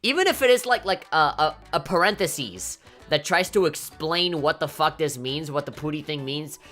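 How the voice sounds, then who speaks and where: A woman with a low, bright-edged voice talks through a game in loose, casual commentary. She swears freely and keeps flaring up in playful mock outrage. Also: normal speed, soft background music. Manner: animated, swears often, mock-indignant outbursts. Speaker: let's play commentator.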